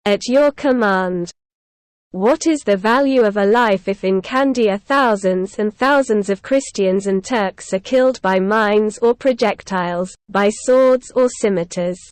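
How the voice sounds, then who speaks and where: A woman voicing a robust, calm male Turkish sea captain who speaks with dry irony, in a storybook reading. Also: medium pitch, unhurried, smooth, dry recording, lightly acted. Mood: calm, ironic. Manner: steady and even, with a dry ironic edge.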